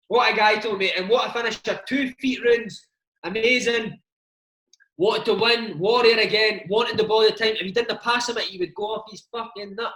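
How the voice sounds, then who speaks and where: A Scottish ex-footballer in his thirties tells dressing-room stories in a loose, swearing, matey way. His voice sits high for a man. The room echo is noticeable. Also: brisk, bright, forceful tone. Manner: swears freely, calls listener mate. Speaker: former footballer, interview guest. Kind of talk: casual anecdotal chat. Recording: roomy echo.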